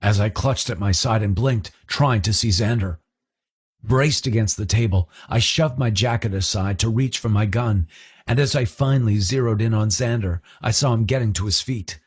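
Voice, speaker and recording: A man's voice: fairly low pitch, normal speed, slightly rough. A man narrating a romance audiobook in the first person, with intense, emotional delivery.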